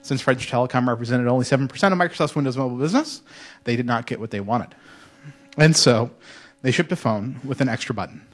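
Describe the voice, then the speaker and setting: A man giving a casual, joking conference talk to students in a lecture hall, telling stories with lively asides. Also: medium pitch, fast talker. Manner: casual, joking storyteller with mock French voices. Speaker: conference speaker.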